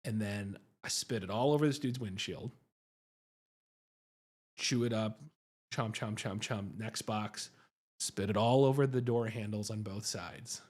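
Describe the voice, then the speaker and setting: A man's voice: on the low side, unhurried, pauses often, a little mellow. A man, a psychiatrist hosting a livestream, telling a story in a chatty, self-mocking way and often asking "right?".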